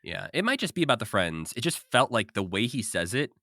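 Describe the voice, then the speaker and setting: A man's voice: mid-range voice, very animated, fairly quick, bright, forceful tone, no echo, studio quality. A man co-hosting a podcast, chatting casually and recapping with frequent laughs. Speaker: podcast co-host. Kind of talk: casual chat.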